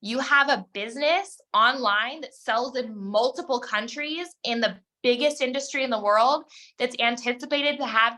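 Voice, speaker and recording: Woman, bright forceful voice, fairly high, direct and emphatic, motivational team call. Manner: direct, emphatic, talks straight to her listeners. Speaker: network marketing team coach.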